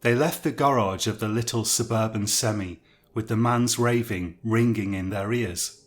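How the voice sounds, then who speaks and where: A man's voice: on the low side, normal speed. A man narrating a scripted story in a wry, conversational way. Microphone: USB studio mic. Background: faint incidental music.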